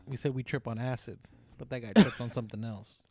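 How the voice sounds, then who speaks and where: A man's voice: mid-range voice, steady tone, fast, a little mellow. A man in casual podcast chat, asking questions and making dry jokes.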